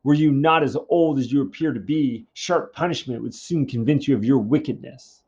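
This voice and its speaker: Brief: man reading as a furious, proud king, mid-pitched, in a dull lo-fi recording. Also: normal speed, a little mellow, slightly rough. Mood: indignant. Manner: reads the translated verse aloud, heated. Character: proud angry male king accusing a seer.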